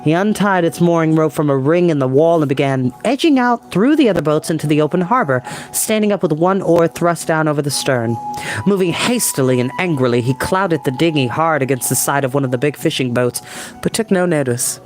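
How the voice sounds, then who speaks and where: Man reading a story aloud, slightly high voice. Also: fairly quick, soft background music.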